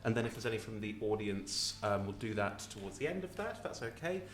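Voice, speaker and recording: A man's voice: lowish voice, sing-song, fast talker, reverberant. A British man, the dungeon master, hosting a loose, chatty live question-and-answer session on stage in a small theatre. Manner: chatty, loose, laughing often.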